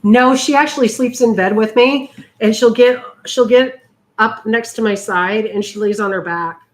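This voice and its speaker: A woman's voice: fairly high pitch, moderate pace. A middle-aged woman chatting casually while she crafts, often slipping into cooing baby talk with her dog. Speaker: art journaling vlogger.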